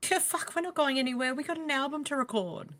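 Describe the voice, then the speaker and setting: A woman's voice: sits high, fast talker, a bit bright. A woman co-hosting a podcast, teasing and wry in casual movie commentary. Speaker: podcast co-host.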